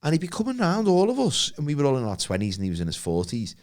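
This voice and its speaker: A man co-hosting a podcast, telling work anecdotes in relaxed chat with dry asides. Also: fairly high pitch, quick pace. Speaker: podcast co-host. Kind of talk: casual chat.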